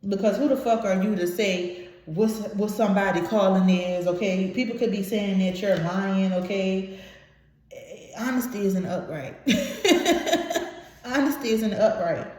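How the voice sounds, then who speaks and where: A woman's voice: medium pitch, steady tone, moderate pace, mellow. Echoey, blunt, emotional woman tarot reader. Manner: emotional, blunt, swears freely. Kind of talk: casual tarot reading to viewers. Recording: very echoey room.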